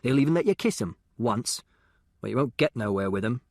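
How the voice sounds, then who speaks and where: A man voicing a gruff, drinking working-class gravedigger father who talks slowly and mockingly. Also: medium pitch, expressive, no room sound, studio quality.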